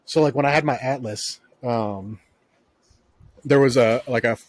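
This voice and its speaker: A man's voice: mid-range voice, a little slow, darkish tone, no room sound. Male podcast host with a mid-range voice, rambling profane anecdotes, dead-dry booth. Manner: profane, storytelling, heavy filler words. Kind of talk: casual chat.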